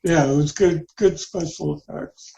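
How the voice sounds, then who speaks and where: Gravelly, mellow middle-aged man. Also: a little high, highs cut off. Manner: relaxed, halting, chimes in briefly. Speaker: podcast co-host. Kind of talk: casual chat.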